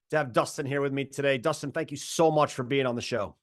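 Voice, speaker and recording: A man's voice: medium pitch, fast talker, dry recording, studio quality, faint music behind. Upbeat male podcast host. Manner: upbeat, enthusiastic. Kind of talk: casual podcast interview.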